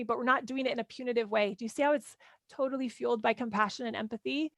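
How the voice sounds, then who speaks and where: A woman's voice: fairly high pitch, steady tone, fast, no room sound. A woman parenting coach teaching a live workshop in a casual, chatty way, full of "like" and "right?".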